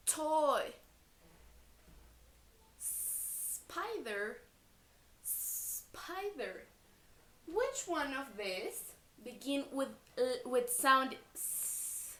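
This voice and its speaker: A woman teaching young children letter sounds, slowly repeating each sound for them to echo. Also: high-pitched, a bit bright. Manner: switches between English and Spanish. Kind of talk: phonics lesson for young children.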